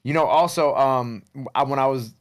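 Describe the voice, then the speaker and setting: A man hosting a radio show, asking a guest questions in an upbeat, casual way. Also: mid-range voice. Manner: upbeat, quick questions, laughs along. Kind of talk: casual interview chat.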